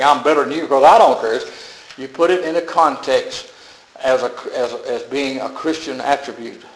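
A man's voice: mid-range voice, echoey room, low-quality recording. An older man preaching a sermon as a pastor, telling folksy stories with chuckles.

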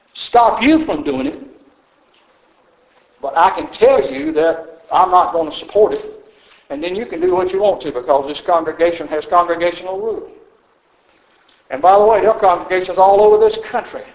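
High-voiced older preacher in an echoey church. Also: male voice, darkish tone. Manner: storytelling, folksy, chuckles often. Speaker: pastor. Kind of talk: sermon. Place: church sanctuary.

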